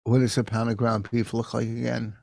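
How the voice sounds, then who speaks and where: A man co-hosting a podcast in casual chat, talking bluntly with deadpan quips into a close mic. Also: medium pitch, a little fast, creaky, no room sound. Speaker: podcast co-host.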